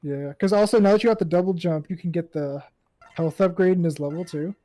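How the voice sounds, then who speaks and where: Mellow-voiced man giving game tips. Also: high voice, a little fast, faint music behind. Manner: relaxed, gives advice. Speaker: co-commentator. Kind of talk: casual gameplay chat.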